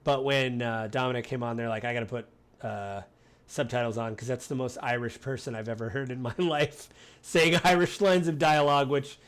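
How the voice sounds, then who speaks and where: An American man hosting a relaxed podcast conversation. He rambles through his thoughts and slips into animated voices whenever he quotes someone. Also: medium pitch, fairly quick, hardly any pauses. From United States. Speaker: podcast host. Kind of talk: casual chat.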